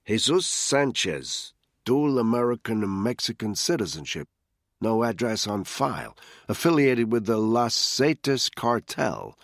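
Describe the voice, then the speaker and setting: A man voicing a brash, impatient male surveillance analyst in an audiobook, blunt and wisecracking, with a husky voice. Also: medium pitch, big pitch swings, unhurried, no echo, clean studio sound, pitched above the performer's own voice.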